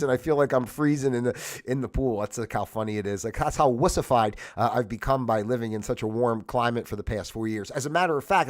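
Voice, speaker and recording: Sniffly guy rambling on his livestream, jumps topic to topic, mid pitch. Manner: casual, jumps between topics with many fillers and restarts. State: sniffly, stuffy nose. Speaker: host. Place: home in Florida.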